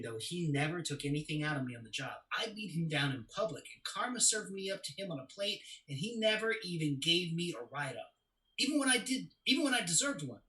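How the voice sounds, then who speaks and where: A man's voice: fairly high pitch, poor audio. An actor playing a young man who recounts his father's death in a confessional, storytelling way during a stage play reading. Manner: confessional storytelling, swings to loud anguish.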